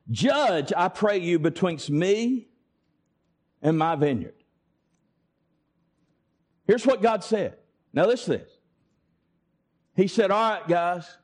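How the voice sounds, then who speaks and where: A man preaching a sermon, emphatic and deliberate, with dramatic pauses. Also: high-pitched, a little mellow.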